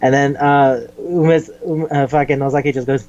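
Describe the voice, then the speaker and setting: A man chatting casually on a podcast, retelling scenes with swearing and quick impressions of the characters. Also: medium pitch, dull audio. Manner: animated retelling with acted quotes, swears and laughs. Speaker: podcast host. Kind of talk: casual chat recapping an anime.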